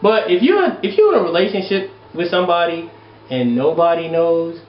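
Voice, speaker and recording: A man hosting an advice show, reading viewer letters aloud and breaking into loud, exasperated, profane rants. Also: fairly high pitch, animated, normal speed, recorded from a distance, slight background noise. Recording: echoey room, dull lo-fi sound.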